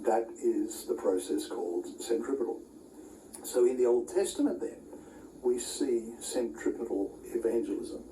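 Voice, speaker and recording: Male lecturer, chatty with dry asides and lots of uhs; warm dark tone, distant mic in an echoey room with faint ambience. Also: mid-range voice, unhurried, a little hiss or hum. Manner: conversational, with dry asides and frequent uh fillers. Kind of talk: recorded Bible college lecture. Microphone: camera recording.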